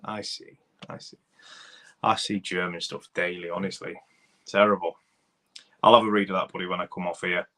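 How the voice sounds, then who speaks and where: Brief: Doncaster-accented male streamer, thirties, rambling and matey, slightly low voice with a bright edge. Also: steady tone, normal speed, long pauses. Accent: Doncaster, South Yorkshire. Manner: rambling, chatty, addresses viewers as buddy and mate. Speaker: livestream host, car mechanic. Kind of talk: casual livestream chat reading comments.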